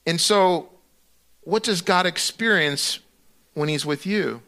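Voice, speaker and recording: A man's voice: sits high, slow pace, pauses often, bright, forceful tone. A middle-aged male pastor preaching in a conversational way, acting out his own prayers to God with many restarts and fillers. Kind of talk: sermon.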